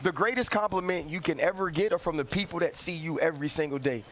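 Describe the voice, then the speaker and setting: A man speaks earnestly in a commentary clip, reflecting on a player's career. His voice sits high, and there is faint noise underneath. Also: quick pace, a bit bright. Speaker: sports commentator.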